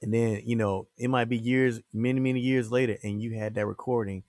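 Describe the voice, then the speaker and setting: Man, comedian guest, rambling casual chat, mid-pitched voice, dry close sound. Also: steady tone, fairly quick, a little mellow, no echo. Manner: rambling, many fillers and restarts.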